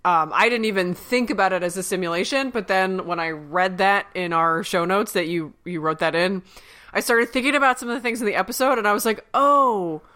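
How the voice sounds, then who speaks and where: A woman co-hosting a podcast, talking casually in halting bursts with restarts. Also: mid-range voice, sharp tone. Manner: halting, restarts, many fillers. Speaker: podcast co-host. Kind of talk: casual chat.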